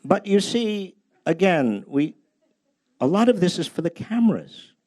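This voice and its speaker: An older man talks humorously about his book in a public library event space, spinning anecdotes with a self-deprecating edge. His voice is high-pitched, very animated and a little mellow, at a measured pace, in a dry recording.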